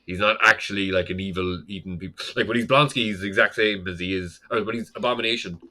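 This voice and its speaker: A young man co-hosts a podcast, slightly tipsy, rambling through a casual recap full of "like" and a bit of swearing. His voice is low and bright with a forceful push, quick-paced and fairly even in intonation.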